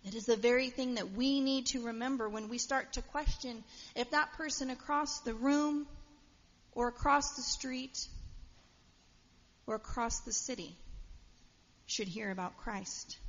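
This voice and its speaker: A woman's voice: a little high, measured pace, long pauses. A woman preaching a sermon in a casual, storytelling way with frequent fillers, in a church. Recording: dull sound with long hall reverb.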